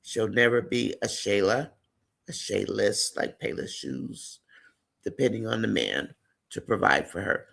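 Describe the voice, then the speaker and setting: A man's voice: lowish voice, animated, a little slow, vocal fry, a bit bright. A man hosting a casual live-stream chat, reading viewer comments aloud and greeting and affirming viewers by name.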